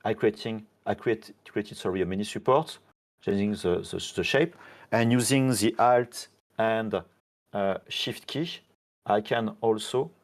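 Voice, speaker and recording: A man who is not a native English speaker, demonstrating software on a live stream, halting, with many fillers and self-corrections. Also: lowish voice. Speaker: software team member demonstrating features.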